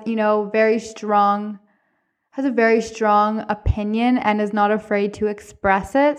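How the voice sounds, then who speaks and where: A woman hosting a podcast, telling personal stories in a casual, expressive way with frequent laughter. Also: mid-range voice. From Canada. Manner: expressive, chatty, laughs often; speaks candidly, with some swearing. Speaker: podcast host.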